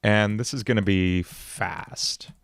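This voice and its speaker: A man's voice: lowish voice, fairly even intonation, takes it slowly, clean tone. A man hosting a casual music livestream, talking in a rambling way with many fillers and laughing easily.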